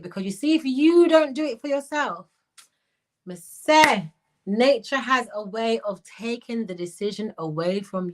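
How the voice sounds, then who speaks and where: A life coach and commentator reads comments on a livestream in an animated, mid-range voice with a lilt. She slips into patois and breaks into bursts of laughter.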